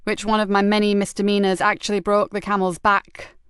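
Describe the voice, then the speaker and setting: A woman's voice: medium pitch, monotone, fairly quick, fairly bright tone, clean tone, dry recording, studio quality, natural voice. Sardonic hard-bitten police inspector, voiced by a woman. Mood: wry. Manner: sardonic, bristling. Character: hard-drinking defiant female police inspector. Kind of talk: audiobook character voice.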